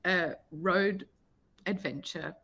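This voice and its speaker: A woman from Australia with an Australian accent, an actress talking casually about her new film, chatty and quick to laugh. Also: on the low side, vocal fry, husky. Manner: chatty, laughs often, warm praise of co-star. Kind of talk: casual promotional chat.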